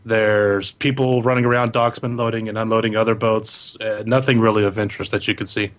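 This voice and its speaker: A man's voice: on the low side, little pitch movement, fairly quick, a bit bright. Casual man narrating as game master. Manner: casual, loose narration with fillers.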